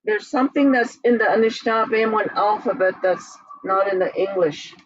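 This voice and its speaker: A woman teaching a language class, breaking words into syllables and repeating them slowly and patiently. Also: medium pitch, fairly even intonation, no echo, dull audio. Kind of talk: slow, patient classroom instruction.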